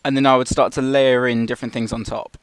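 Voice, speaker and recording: A man's voice: mid-range voice, level tone, quick pace, clear, resonant tone, no echo. A man casually talking through an animation shot as a tutor, restarting sentences as he explains. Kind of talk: live tutorial walkthrough.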